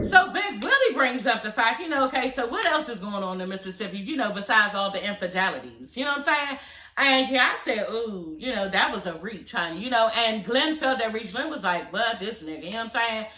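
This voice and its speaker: Woman vlogger with a bright, forceful voice and a blunt, foul-mouthed recap style in an echoey room. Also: on the high side, slight background noise. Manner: blunt, profane, chatty, frequent laughing asides. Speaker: vlogger recapping a reality show. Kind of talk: casual recap vlog.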